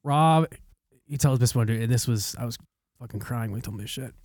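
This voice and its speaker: A man's voice: mid-range voice, brisk, no room sound. A young man telling a story on a podcast, swearing a lot and laughing between lines. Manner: laughing, profane, animated storytelling. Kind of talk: casual storytelling chat.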